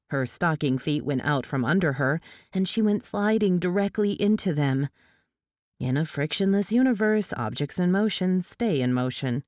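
Low-voiced woman reading a novel aloud. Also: no room sound, studio quality. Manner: steady, even storytelling with lively dialogue voices. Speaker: audiobook reader. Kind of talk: scripted audiobook narration.

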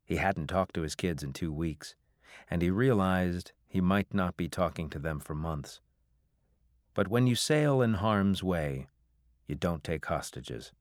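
A man reading a novel aloud as an audiobook narrator, in a measured, even way. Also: deep voice, no room sound, clean studio sound. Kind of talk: scripted narration.

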